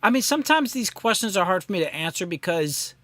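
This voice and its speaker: A man's voice: high voice, big pitch swings, a little fast, fairly bright tone, no room sound. A man hosting a casual live stream from his home mixing studio, thinking aloud and rambling in a self-deprecating way, with lots of ums.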